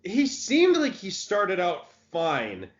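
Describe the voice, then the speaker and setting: Male co-host, easygoing and supportive, pitch bounces around a lot, muffled audio. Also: huge pitch swings, slow pace. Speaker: podcast co-host. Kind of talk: casual chat.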